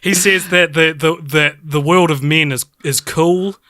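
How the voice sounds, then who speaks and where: A man co-hosting a podcast in casual film chat, excitable and laughing, with lots of "like" fillers. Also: on the high side, measured pace. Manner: excitable, laughing, heavy use of "like". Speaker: podcast co-host.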